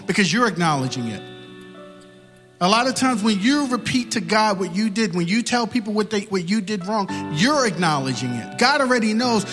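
A man's voice: sits high, in a large hall. A man preaching and leading an altar-call prayer, building into impassioned, repetitive pleading. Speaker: pastor.

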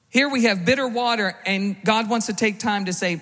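A man's voice: high-pitched, moderate pace, hardly any pauses, a bit bright, big-room sound. A man preaching a sermon as pastor, conversational, with rhetorical questions and frequent restarts. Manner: repeats words when restarting.

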